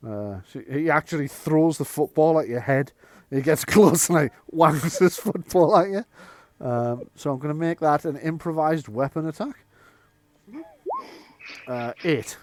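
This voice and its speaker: A man's voice: on the high side, unhurried, no room sound. A man, running a tabletop game as game master in a casual, laughing way. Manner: laughing often, casual and animated.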